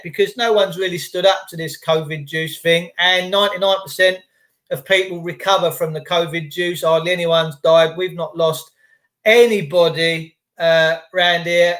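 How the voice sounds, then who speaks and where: A man's voice: sits high, a bit bright. A middle-aged English man ranting casually to live-stream viewers in a blunt, sweary, conspiratorial way.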